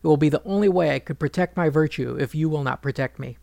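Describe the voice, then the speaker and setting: A man voicing a proud queen who is furious and grieving, speaking bitterly in his gravelly storytelling voice. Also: fairly high pitch, quick pace, darkish tone, no echo. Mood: bitter, pleading. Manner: bitter, accusing speech.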